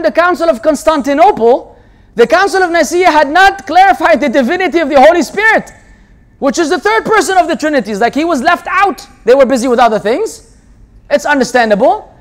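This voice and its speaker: A man giving a religious lecture, animated and rhetorical, often mimicking the voices of people he argues against. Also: extremely high pitch. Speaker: Islamic lecturer. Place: lecture hall.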